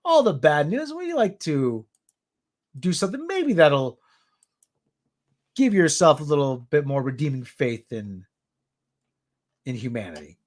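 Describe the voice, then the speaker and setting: New guy hosting a news show, high lively voice, rambles and cracks little jokes. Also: measured pace, long pauses. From New York area. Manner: rambling, jokey asides. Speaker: show host. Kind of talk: casual news roundup.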